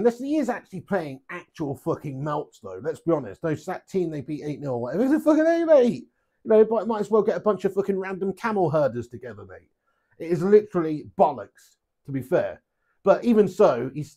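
A man's voice: on the high side, sing-song, brisk, mellow. A man playing darts live, chatting to viewers and reading out their messages, joking, swearing freely and laughing a lot. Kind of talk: live stream banter, reading out chat. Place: home darts setup.

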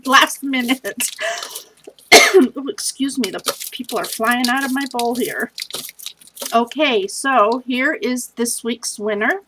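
A woman hosts a scrapbooking challenge video from home, sounding worn out. Her talk is chatty and scattered, full of self-deprecating asides. Her voice sits a little higher than most women's. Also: slow, pauses often, bright, forceful tone, slight background noise, low-quality recording. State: tired. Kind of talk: casual vlog chat.

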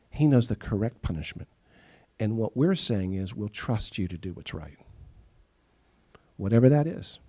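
A middle-aged man preaching a sermon as pastor, telling stories and acting out the people he quotes. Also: mid-range voice. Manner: animated storytelling, acts out quoted voices. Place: church sanctuary.

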